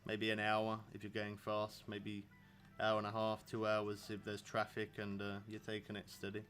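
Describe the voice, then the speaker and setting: A lowish, monotone, slightly bright voice at normal speed comes from an English man in his thirties streaming a fishing game. He rambles chattily to his viewers and laughs often, with faint music behind.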